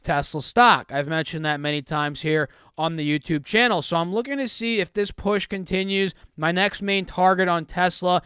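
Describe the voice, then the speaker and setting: Young male stock YouTuber, casual and chatty, bright clean voice, dry close mic. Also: high voice, clean tone, no echo. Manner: quick, chatty, self-correcting. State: recovering from illness, slightly choked. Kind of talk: casual stock market commentary.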